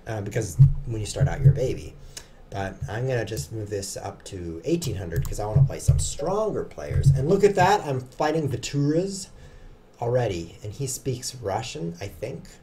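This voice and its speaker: A young man streams online chess in a mid-range, dark-toned voice, with a little hiss or hum in the audio. He chats casually and jokes with his chat, often at his own expense, as he gives live commentary on his games.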